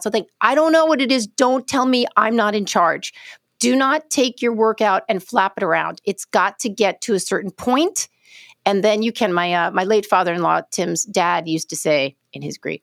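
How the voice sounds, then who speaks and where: A middle-aged woman co-hosting a podcast, telling stories in a casual chat with lively, halting restarts. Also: mid-range voice, vocal fry, no room sound, clean studio sound. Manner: animated storyteller, trails off mid-sentence. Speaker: podcast co-host.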